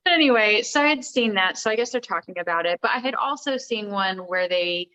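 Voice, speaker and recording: A woman co-hosting a podcast, chatty and self-mocking with quick asides. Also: mid-range voice, expressive, sharp tone. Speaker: podcast co-host. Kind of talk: casual chat. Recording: slightly dull lo-fi sound.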